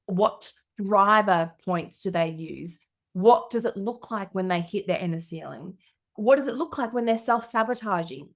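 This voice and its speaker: A middle-aged woman, a coach telling stories on her podcast with lively, animated delivery. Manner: lively, animated storytelling with big pitch jumps. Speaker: business coach. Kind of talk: storytelling podcast monologue.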